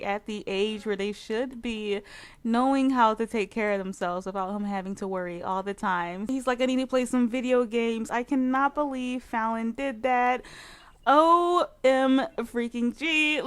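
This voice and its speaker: A woman with a high voice commenting on her own gameplay in a let's play. She is excitable and full of exclamations, with "like" in nearly every sentence. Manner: excitable, exclaiming, heavy use of "like". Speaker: gaming channel host.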